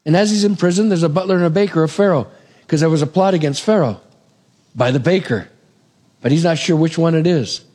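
A man preaching a sermon, retelling a Bible story in a casual, animated way with asides to the congregation. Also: fairly high pitch, fairly quick.

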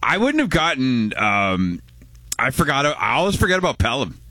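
A man's voice: medium pitch, wildly swooping pitch, sharp tone, no echo. A man co-hosting a radio show, chatting casually in a playful, jokey way. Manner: playful, jokey, quick to laugh. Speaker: radio co-host. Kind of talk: casual chat.

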